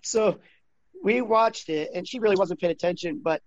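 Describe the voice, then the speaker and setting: A man in his thirties talking casually as an interview guest, rambling with many restarts and getting animated when he quotes others. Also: sits high, moderate pace, muffled recording.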